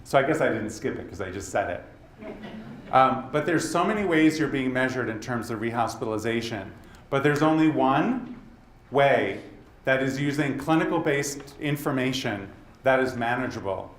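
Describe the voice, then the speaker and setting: A man with a Boston accent giving a presentation at a leadership summit, talking straight to the audience and tossing in quick asides. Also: medium pitch, lively intonation. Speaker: conference speaker. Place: conference hall. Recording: roomy hall with faint background noise.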